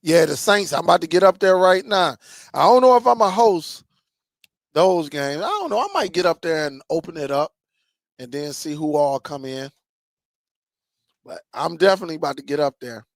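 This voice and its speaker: A man hosting a streaming tech channel, chatting casually with viewers and telling stories in an animated way, laughing and repeating himself. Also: on the high side, normal speed, creaky, dry recording, clean studio sound.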